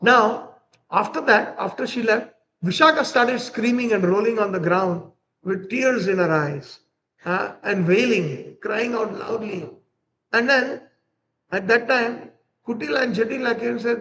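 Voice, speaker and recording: A man's voice: very high voice, measured pace, gravelly, sharp tone, slight background noise, poor audio. A man giving a devotional lecture, animatedly telling a story and acting out its characters. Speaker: spiritual teacher.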